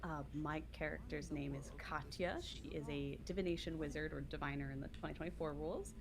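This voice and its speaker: Fast-talking woman with a low voice. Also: fairly even intonation, noisy background. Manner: quick, chatty, laughs often. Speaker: podcast editor and player. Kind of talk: casual chat about a tabletop game.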